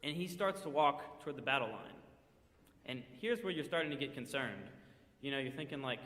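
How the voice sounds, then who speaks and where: A man's voice: medium pitch, lively intonation, fairly quick, bright, forceful tone, a little hiss or hum. A man speaking in church, retelling a story vividly in the second person with quoted asides, recorded in a church sanctuary. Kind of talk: sermon storytelling. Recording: echoey church hall with long reverb.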